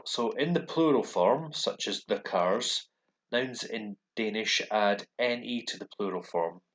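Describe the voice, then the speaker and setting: A man casually explaining his lessons from a dark room at his computer, relaxed and thinking aloud with pauses. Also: fairly low pitch. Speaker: language learner recording his lessons.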